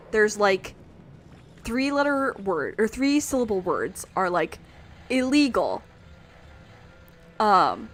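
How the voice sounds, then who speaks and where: A woman streaming a video game, chatting in a rambling, animated way and swearing freely. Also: medium pitch. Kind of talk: casual gameplay chat.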